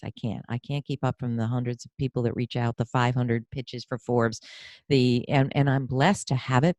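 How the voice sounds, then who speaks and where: A woman hosting a podcast interview as a career coach, effusive and animated, telling personal stories. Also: rumbling low, dry recording, studio quality.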